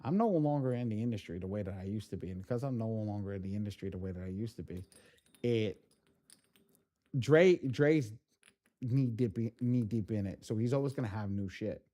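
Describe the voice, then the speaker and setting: A man hosting a live training class, telling stories in a casual, animated way, swearing freely and often restarting his sentences. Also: on the low side, fairly quick. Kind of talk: casual live-stream storytelling.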